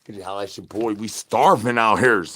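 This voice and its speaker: A man's voice: lowish voice, fairly quick, pushed and bright. A man, streaming in a goofy, rambling patter full of nonsense words and catchphrases. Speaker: streamer in zombie persona.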